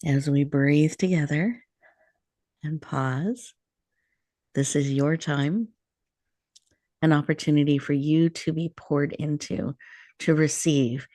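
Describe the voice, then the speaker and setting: A woman radio host leading a guided breathing meditation in a slow, soothing, inviting way before she welcomes a guest. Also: low voice, fairly even intonation, warm tone, dry recording, clean studio sound.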